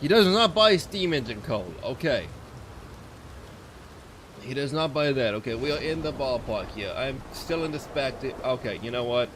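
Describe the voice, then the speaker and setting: Against background noise, an animated man with a mid-range voice streams a game at a normal pace. He rambles off the cuff, swears, and grows exasperated with little provocation.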